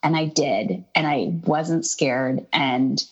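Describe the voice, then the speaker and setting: A woman's voice: extremely low pitch, slow, lo-fi sound. A woman in her thirties, a podcast guest, telling a personal story in a casual conversation and acting out the people in it. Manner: animated storyteller, quotes herself and others in lively voices. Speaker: interview guest.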